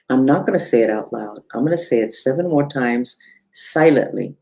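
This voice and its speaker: This woman teaches spirituality, chatting casually online about mantras and mudras while making self-deprecating jokes. Her voice is animated and a bit mellow, with broad pitch swoops, some vocal fry, and a normal pace.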